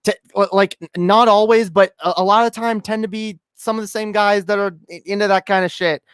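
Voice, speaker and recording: A man's voice: high-pitched, fairly even intonation, fairly quick, fairly bright tone, clean tone, no room sound, clean studio sound. A man co-hosting a podcast, talking emphatically and profanely with stammering restarts. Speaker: podcast co-host. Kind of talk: casual chat.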